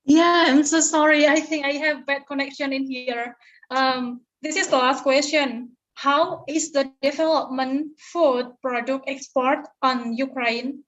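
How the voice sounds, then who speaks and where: A woman's voice: high-pitched, fairly even intonation, a little slow, fairly bright tone. A woman asking a lecturer questions over a video call, hesitant and apologetic, repeating herself. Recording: dull lo-fi video call audio.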